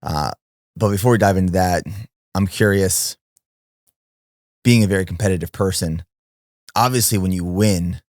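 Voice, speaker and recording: A man hosting a podcast, asking curious questions in a relaxed, conversational way. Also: deep voice, normal speed, long pauses, no echo, studio quality. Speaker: podcast host. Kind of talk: casual interview questions.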